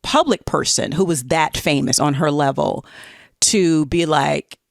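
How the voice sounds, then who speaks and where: A woman co-hosting a podcast, telling stories in a casual, animated way with lots of fillers. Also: low-pitched, a little slow, creaky, dry recording, studio quality. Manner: animated storyteller, many fillers. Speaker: podcast co-host. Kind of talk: casual chat.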